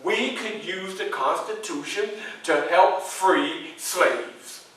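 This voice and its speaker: A man performing a first-person historical story, addressing a live audience as a lively storyteller. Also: sits high, slow. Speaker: historical reenactor. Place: public library event room. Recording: echoey room from far off.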